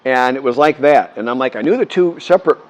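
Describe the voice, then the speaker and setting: An older man from the United States talking casually to camera, rambling with many restarts and lively quoted voices. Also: medium pitch, quick pace. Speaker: vlogger. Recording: muffled lo-fi sound.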